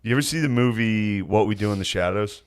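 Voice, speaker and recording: A man's voice: on the low side, fast talker, clear, resonant tone. A man co-hosting a podcast, trading laid-back jokes and laughing often in casual banter. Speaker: podcast co-host. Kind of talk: casual chat.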